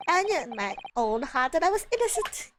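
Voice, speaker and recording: A woman's voice: high voice, very animated, brisk, noisy background, voice pushed up. A woman voicing a genial older Irish man who tells his story in a folksy way, with a put-on Irish accent.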